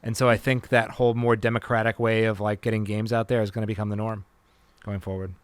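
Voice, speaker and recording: A man's voice: fairly low pitch, little pitch movement, fast talker, smooth, no echo. A young man on a casual gaming podcast who restarts sentences a lot and laughs often. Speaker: podcast co-host. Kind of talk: casual chat.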